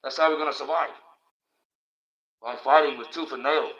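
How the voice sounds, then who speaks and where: A man's voice: on the high side, fairly even intonation, normal speed, a bit bright. An Australian man ranting on a livestream, crude and profane, rambling with stumbling restarts. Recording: dull lo-fi stream audio.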